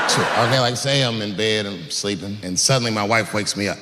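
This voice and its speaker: Animated man doing profane stand-up, echoey hall. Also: mid-range voice, brisk. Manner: profane, animated, full of acted-out sound effects. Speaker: stand-up comedian. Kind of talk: stand-up comedy storytelling. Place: stage in a large hall. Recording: echoey hall, faint noise.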